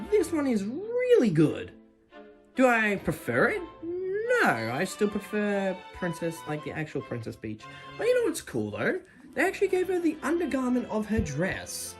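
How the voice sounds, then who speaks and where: A young woman with an Australian accent, chatting casually and jokingly as she shows off her plush collection in a vlog. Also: deep voice. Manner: chatty, animated, jokey and self-deprecating. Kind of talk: casual show-and-tell vlog.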